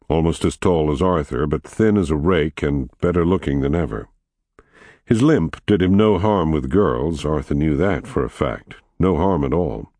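A man narrates a novel for an audiobook, reading the scripted text in a measured, even storytelling style. His low voice is captured with studio quality and no room sound.

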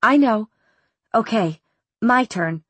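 A woman's voice: on the high side, lively intonation, slow, fairly bright tone, slightly rough, no room sound, exaggerated voice. A woman voicing an anxious, earnest teenage girl with a nervous manner.

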